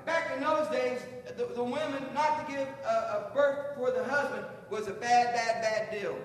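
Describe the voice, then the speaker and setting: A man preaching in a high voice tells the story in a folksy way and acts out each quote. He is heard in a large hall with a long echo. A faint hiss sits underneath. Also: moderate pace. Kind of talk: sermon. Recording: echoey hall with long reverb and faint noise.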